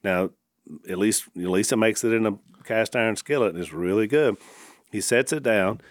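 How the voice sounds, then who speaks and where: A man's voice: lowish voice, normal speed, no echo, studio quality. A man, co-hosting a podcast and telling stories in an easygoing, casual way. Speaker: podcast co-host. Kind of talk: casual chat.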